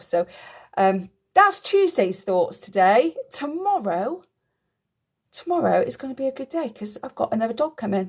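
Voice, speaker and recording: A woman's voice: fairly high pitch, a little mellow. A woman talking to camera in a casual vlog, reflective and candid, with frequent ums and trailing-off phrases. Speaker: vlogger.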